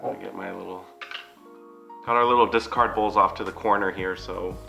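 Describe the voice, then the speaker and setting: A man's voice: low voice, fairly even intonation, moderate pace, creaky, echoey room, dull audio, over music. A man co-hosting a mukbang, chatting casually and walking viewers through the food. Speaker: mukbang co-host. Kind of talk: casual chat.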